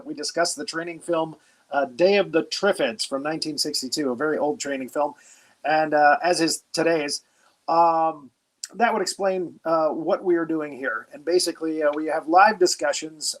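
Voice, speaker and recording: A man playing a retired army general who briefs cadets, hosting in a halting, mock-official way with many pauses. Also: on the high side, natural voice. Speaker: host. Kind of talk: improvised comedy character.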